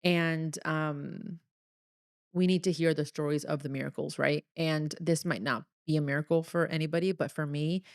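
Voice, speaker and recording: A woman's voice: sits low, steady tone, normal speed, no room sound, studio quality. A young woman hosting a solo podcast, telling a personal story in an earnest, chatty, confessional way. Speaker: podcast host.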